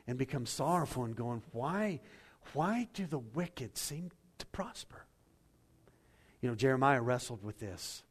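Middle-aged pastor guy preaching, goes soft then really loud and emphatic. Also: mid-range voice. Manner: preaching with swells from quiet to loud, emphatic builds. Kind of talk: sermon.

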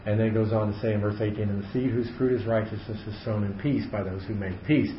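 A man's voice: on the low side, fairly even intonation, fast talker, a little hiss or hum. A man leading a casual Bible study for a small group, thinking aloud with frequent fillers and restarts. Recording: echoey room, muffled audio.

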